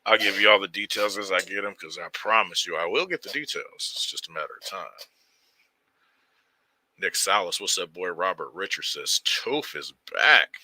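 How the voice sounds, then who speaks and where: A man hosting a casual livestream, shouting out viewers by name in loose street slang. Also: low voice, animated, moderate pace, dry recording. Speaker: livestream host. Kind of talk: casual livestream chat reading viewer comments.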